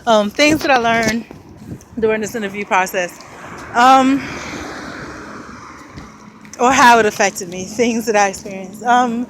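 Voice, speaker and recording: A woman's voice: on the high side, a little slow, long pauses. A woman vlogging while walking outdoors, out of breath, rambling and thinking aloud with frequent small laughs. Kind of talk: casual walking vlog. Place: outdoors on a city street with traffic. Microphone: handheld camera while walking. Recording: street noise and passing traffic. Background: traffic and street ambience.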